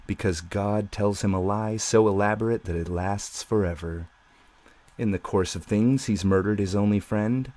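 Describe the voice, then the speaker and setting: A man, the author, reading his science fiction novel aloud as an audiobook in a measured, dramatic way. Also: on the low side, a little mellow. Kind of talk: scripted novel narration.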